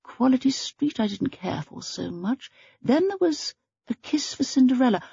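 A woman's voice: medium pitch, very animated, moderate pace, dark tone, slightly rough, dry recording, lo-fi sound, pitched above the performer's own voice, heavily acted. Woman reading as a prim elderly spinster sleuth. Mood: musing. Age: older. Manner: prim, thoughtful, murmuring.

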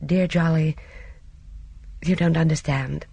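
An audiobook reader voicing a gentle, calm elderly lady of the house who speaks softly but firmly, in a husky voice. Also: mid-range voice, takes it slowly, no room sound, heavily acted.

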